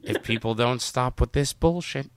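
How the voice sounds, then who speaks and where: A man's voice: medium pitch, normal speed, crowd noise. A man in a casual chat about a movie, joking and sarcastic, laughing often and swearing casually.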